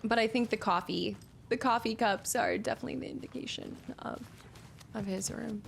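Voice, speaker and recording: A woman's voice: fairly high pitch, moderate pace, vocal fry, a little hiss or hum. A young woman streaming a game, musing aloud as she explores and reading notes under her breath. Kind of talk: let's-play commentary.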